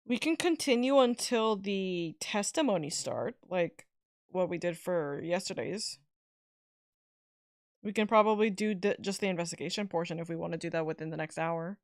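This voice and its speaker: A woman's voice: lowish voice, moderate pace, no echo. Chatty upbeat woman streamer, dry sound. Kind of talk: casual chat.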